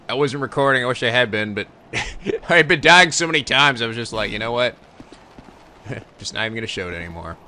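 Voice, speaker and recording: A young man playing a video game while commenting, swearing and yelling often. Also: mid-range voice, expressive, brisk, slight background noise. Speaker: let's play host. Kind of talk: gaming commentary. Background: game music.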